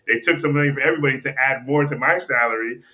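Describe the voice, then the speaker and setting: A man talks as a podcast guest, telling a story in a loose, conversational way full of "you know" and "like." His voice is bright and forward, at an ordinary pitch for a man, and he often restarts his sentences and voices the people in his story. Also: racing. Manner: rambling, restarts sentences, acts out quoted dialogue. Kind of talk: casual storytelling.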